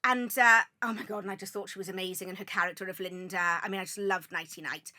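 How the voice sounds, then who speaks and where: A Welsh woman in her forties, a podcast guest, telling lively stories with lots of exclamations. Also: mid-range voice, quick pace. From South Wales. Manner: animated anecdotes full of exclamations. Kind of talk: casual chat, storytelling.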